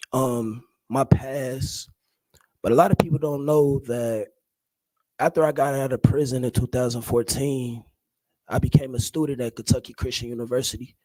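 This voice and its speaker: Guy in his 30s giving an emotional speech, lots of ums, warm mellow voice, dry close sound. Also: medium pitch, dry recording, poor audio. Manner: halting, many hesitations. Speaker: activist.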